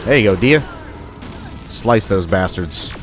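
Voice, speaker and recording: Chatty low-voiced man playing a game. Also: animated, takes it slowly, music in the background. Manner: joking, chatty, talks to enemies. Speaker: gameplay commentator. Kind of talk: casual let's-play commentary.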